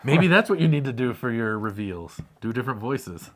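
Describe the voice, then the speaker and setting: A man's voice: medium pitch, sing-song, moderate pace, a bit bright. A man co-hosting a casual chat, reading viewer comments in an easygoing way and laughing often.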